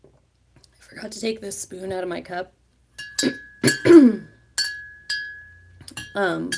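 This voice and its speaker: Chatty woman with a gravelly voice. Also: medium pitch, drawn-out words, background noise. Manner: rambling, chatty, many fillers. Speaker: vlogger. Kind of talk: casual live chat.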